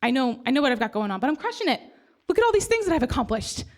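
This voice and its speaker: A woman's voice: high-pitched, very animated, very fast. A woman telling a funny, self-deprecating personal story on stage. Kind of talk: live comic storytelling. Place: stage before a live audience.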